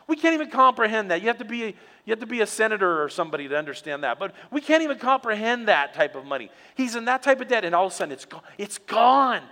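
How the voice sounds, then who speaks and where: Male pastor, sermon, animated storyteller; bright tone, long hall reverb. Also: sits high, fast, hardly any pauses. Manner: animated, storytelling, drops quiet for emphasis.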